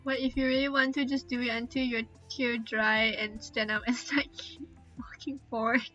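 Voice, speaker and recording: A woman's voice: on the high side, level tone, moderate pace, sharp tone, dull audio, soft background music. A young woman streamer chatting candidly and openly, holding back tears, trailing off often with fillers. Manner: open, heartfelt, trailing off with many fillers. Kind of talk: candid casual chat.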